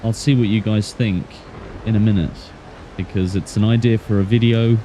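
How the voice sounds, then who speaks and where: A man's voice: fairly low pitch, fairly even intonation, normal speed, dark tone, a little hiss or hum. A man streaming a game with casual, playful, self-mocking chat in a put-on Australian accent. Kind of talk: casual gameplay commentary.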